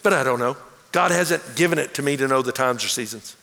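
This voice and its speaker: A man preaching a sermon as pastor, animated and acting out quoted voices. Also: mid-range voice, fairly quick, vocal fry. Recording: long hall reverb.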